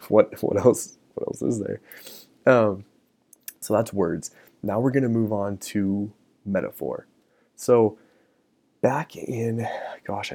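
Gravelly low-voiced man musing casually. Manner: relaxed, many fillers like um and you know. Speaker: podcast host. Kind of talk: casual solo podcast talk.

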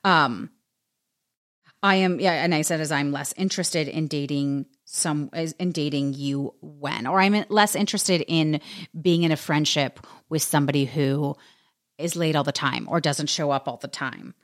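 A woman with a low-pitched voice talks through advice in a casual, animated way. She peppers her speech with fillers and quick asides. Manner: animated, many "like" and "right?" fillers. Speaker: podcast host.

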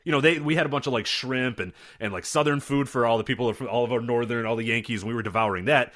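With a medium-pitched voice and a fast pace, this young man co-hosts a podcast in casual conversation. He's an animated storyteller who voices the characters in his anecdotes.

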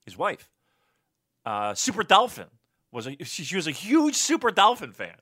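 Man, podcast co-host, casual and profane, bright forceful voice, flares into loud rants. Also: high-pitched, wildly swooping pitch, normal speed.

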